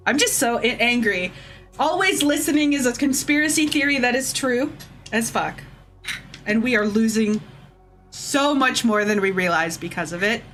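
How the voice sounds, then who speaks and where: A woman's voice: fairly high pitch, expressive, normal speed, a bit bright, faint music behind. A woman streamer ranting heatedly and profanely to her chat, taking drinks as she goes. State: drinking shots. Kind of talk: casual livestream rant.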